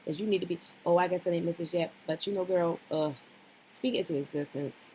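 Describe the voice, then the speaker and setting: A woman's voice: fairly low pitch, a little fast, a little mellow, a little hiss or hum. A woman giving casual, opinionated commentary as a vlogger, blunt and swearing freely, talking straight at the people she discusses and repeating herself for emphasis. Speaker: reality show recap vlogger.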